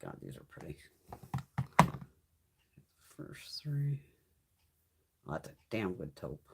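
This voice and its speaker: Chatty woman with lively pitch. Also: takes it slowly, vocal fry, heavy background noise. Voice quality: chatty, swears freely, laughs often. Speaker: beauty vlogger. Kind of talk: casual live-stream chat.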